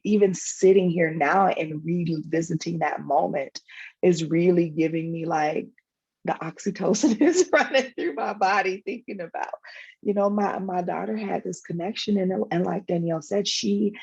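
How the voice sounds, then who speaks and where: A woman with a husky, gravelly voice and a mellow, dark tone tells a personal story in a panel conversation. She speaks emotionally and reflectively, pausing and restarting often. The sound comes through a dull, lo-fi video call. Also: on the low side. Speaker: guest, foundation founder.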